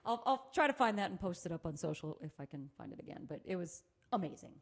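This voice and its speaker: A middle-aged woman co-hosting a casual chat, telling lively stories and laughing often. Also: fairly low pitch, fast, creaky. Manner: animated storyteller, laughs often. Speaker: co-host.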